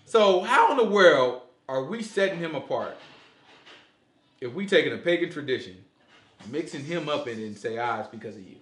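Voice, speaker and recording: Animated man preaching in an echoey room. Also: a little high, moderate pace. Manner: animated, asks the group questions, repeats "you know what I'm saying". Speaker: teacher leading a Sabbath study. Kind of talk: casual preaching to a small group.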